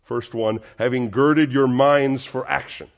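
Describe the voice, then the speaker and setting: A man's voice: medium pitch, fairly even intonation, measured pace, vocal fry. A male pastor preaching a sermon, earnest and emphatic, full of rhetorical questions.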